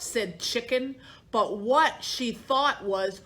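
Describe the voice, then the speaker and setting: A woman's voice: fairly high pitch, expressive, slow pace, a bit bright. A woman librarian reading a picture book aloud to children, in a sing-song storytime voice that acts out the animals.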